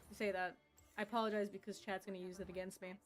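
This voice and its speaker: A woman's voice: mid-range voice, level tone, quick pace. A woman streamer talking playfully to her chat during a live game stream. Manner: playful, goofy, talks to chat. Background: background music.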